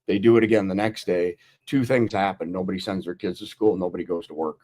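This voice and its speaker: Very deep-voiced man, matter-of-fact. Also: fairly even intonation, fast, a little mellow. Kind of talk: casual talk-show discussion.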